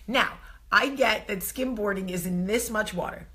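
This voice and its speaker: A woman in her thirties with a New Jersey accent, telling a story to camera in a casual vlog, animated and often laughing. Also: mid-range voice, moderate pace. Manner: animated, swings to loud exclaiming, laughs often. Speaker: vlog host.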